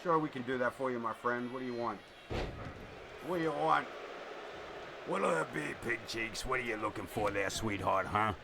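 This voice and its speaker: A man voicing a smooth-talking old-time radio DJ who croons low patter full of pet names, with music playing behind. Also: normal speed, pauses often, background noise, natural voice. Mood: smarmy.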